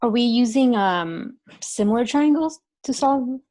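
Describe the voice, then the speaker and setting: A woman's voice: on the high side, lively intonation, unhurried, dark tone. A woman student asking a hesitant question in a class.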